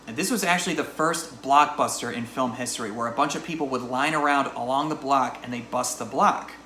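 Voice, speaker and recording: A man's voice: mid-range voice, fairly quick, pushed and bright, echoey room, a little hiss or hum, poor audio. A man in his thirties giving a casual, chatty spoken movie review in an informal, conversational way. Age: 30s.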